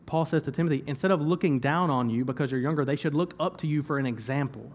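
A man's voice: on the high side, fast, slight background noise. A young man preaching a sermon in church, talking conversationally, repeating phrases for emphasis and laughing at himself now and then. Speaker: pastor.

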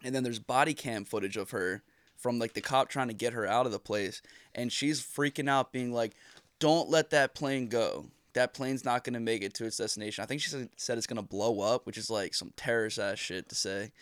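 A man's voice: mid-range voice, fairly even intonation, fairly quick, a bit bright, no echo. A man in his thirties co-hosting a podcast, telling stories in a loose, rambling way with laughs and swearing. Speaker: podcast co-host. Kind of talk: casual chat.

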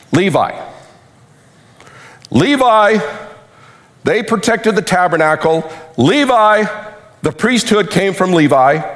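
A man preaching a sermon with animated delivery, acting out quotes, while losing his voice. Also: high voice. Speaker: pastor.

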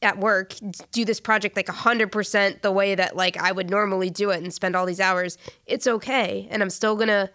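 A woman in casual conversation about faith, talking in halting phrases with many fillers and restarts. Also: medium pitch, fairly even intonation, a bit bright, clear, resonant tone, dry recording, studio quality.

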